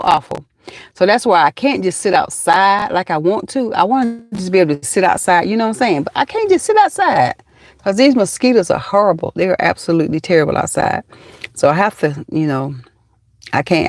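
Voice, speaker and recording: A woman's voice: sits low, a little mellow, dry recording. A middle-aged woman with a Southern accent, hosting a casual live chat from her parked car, folksy and chatty, calling viewers honey and child. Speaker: livestream host.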